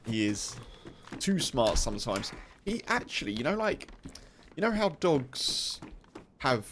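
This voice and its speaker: A man's voice: mid-range voice, fairly bright tone, a little hiss or hum. Chatty British man streaming a game. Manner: chatty, laughing, rambling, full of fillers. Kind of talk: casual chat while streaming a game.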